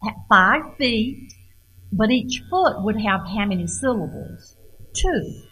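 A middle-aged woman giving an informal lecture on poetry, halting and repeating words as she questions her audience. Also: medium pitch, animated, pushed and bright, breathy edge, poor audio.

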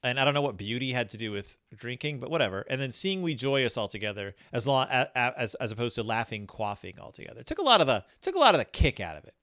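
A man's voice: medium pitch, very animated, fast talker, few pauses, sharp tone, dry recording, clean studio sound. A man hosting a podcast in casual chat, rambling and self-deprecating, with many fillers and restarts. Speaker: podcast host.

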